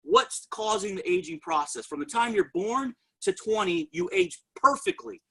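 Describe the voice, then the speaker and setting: A man giving an energetic motivational sales testimony and talking straight to his audience as a network marketing presenter. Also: sits high, normal speed, gravelly, breathy edge, low-quality recording.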